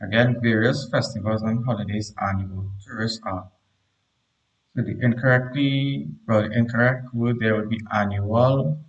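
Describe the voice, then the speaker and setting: A man teaches a live online grammar lesson to primary pupils. He reads each sentence aloud, repeats it slowly and explains the corrections while talking to the chat. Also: mid-range voice, fairly even intonation, lo-fi sound.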